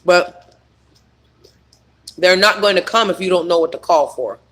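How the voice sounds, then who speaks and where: A man's voice: high-pitched, unhurried, a bit bright. A man coaching on trauma healing in a rambling, emphatic spiritual self-help monologue full of fillers.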